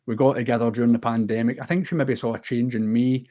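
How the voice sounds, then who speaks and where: A man's voice: medium pitch, steady tone, fast, dark tone, lo-fi sound. A man from the west of Scotland with a Scottish accent, a podcast guest telling a personal story in an earnest, heartfelt and unguarded way.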